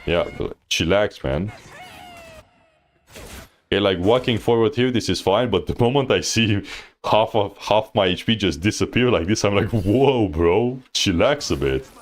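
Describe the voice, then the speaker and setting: A man's voice: on the low side, moderate pace, a little hiss or hum. A man coaching on a livestream, reviewing a player's match in a laid-back, slangy, teasing way and laughing often. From Thailand. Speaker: game coach reviewing gameplay. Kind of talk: casual livestream coaching commentary.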